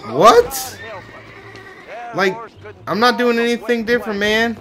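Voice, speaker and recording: A man's voice: on the high side, expressive, a little slow, over music. A man doing gameplay commentary, swearing and exclaiming at the game out of frustration. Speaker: gamer.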